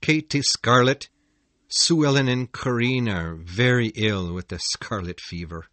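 A performer voicing a grief-stricken aged father who speaks in a heavy, faltering, very low voice. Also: unhurried, fairly bright tone, no room sound, lightly acted. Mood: grieving.

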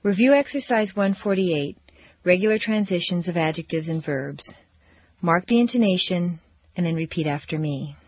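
A woman leading a scripted pronunciation drill, speaking with slow, careful, deliberate enunciation. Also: on the low side, animated, husky, no room sound. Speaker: language teacher. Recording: dull lo-fi audio.

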